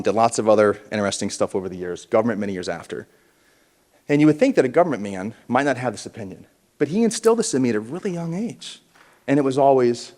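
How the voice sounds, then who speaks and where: Speaking in a mid-range voice with a darkish tone, a man gives a punchy motivational keynote at a realtors conference. He rouses the audience into calling back, and the big indoor hall makes the sound reverberant.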